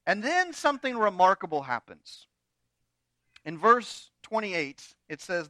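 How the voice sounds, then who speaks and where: A man's voice: sits high, very animated, unhurried, bright, forceful tone, dry recording. A man pastor preaching a sermon, retelling a story with humorous asides.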